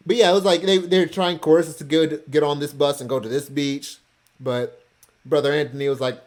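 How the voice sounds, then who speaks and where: A man's voice: on the high side, steady tone, fairly quick. A man casually talking through his vacation photos, rambling with offhand, self-joking asides. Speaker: vlogger going through his cruise photos.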